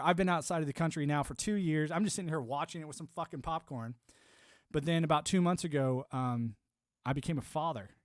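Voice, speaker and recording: A man's voice: a little high, lively intonation, a little fast, no room sound, studio quality. A man in his forties ranting on a live stream, rambling and swearing, with lots of "you know". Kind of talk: ranting monologue.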